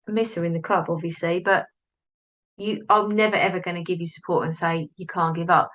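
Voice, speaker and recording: A woman's voice: fairly low pitch, a bit bright, poor audio. A woman hosts a solo podcast and talks straight to the listener. She is chatty and often cuts herself off mid-sentence to restart, and she slips into little inner voices as she goes. She is recorded on a device's built-in mic rather than a plugged-in one. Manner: chatty, self-interrupting, acts out inner voices. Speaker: podcast host, business coach. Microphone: device's built-in mic, not the plugged-in one.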